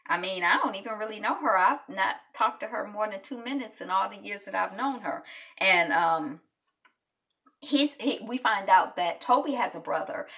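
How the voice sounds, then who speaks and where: A woman's voice: mid-range voice, fairly bright tone, distant mic. A woman giving a casual, chatty episode recap, acting out the characters' lines as she goes. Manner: chatty, acts out lines from scenes. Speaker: TV recap vlogger.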